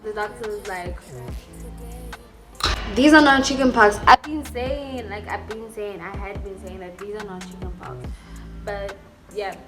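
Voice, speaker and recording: Young woman, storytime vlogger, mid-pitched, candid and emotional, loose casual delivery, music bed underneath. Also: steady tone, moderate pace. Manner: candid and emotional, full of 'like' and 'you know'. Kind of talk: storytime vlog, casual chat. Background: background music.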